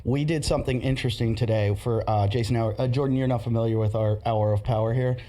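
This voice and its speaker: A man's voice: mid-range voice, fairly even intonation, mellow. A man hosting a podcast, rambling through funny anecdotes in casual chat. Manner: rambling anecdotes with quick laughs. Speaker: podcast host.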